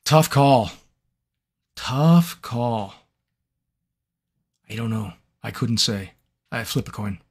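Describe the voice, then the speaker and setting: A man hosts a casual live fan Q&A from behind a microphone. He rambles in a scattered, self-mocking way, and his pitch bounces around a lot. His voice sits in a middle register. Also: animated, slow, pauses often, husky. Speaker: voice actor hosting a live Q&A. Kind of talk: casual livestream chat. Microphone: seated at a microphone.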